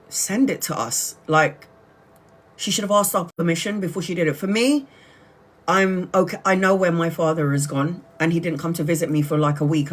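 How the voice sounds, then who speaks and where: A chatty Brazilian woman hosts a casual tarot livestream, laughing a lot and frequently restarting her sentences. Her voice sits low and has a slightly bright quality.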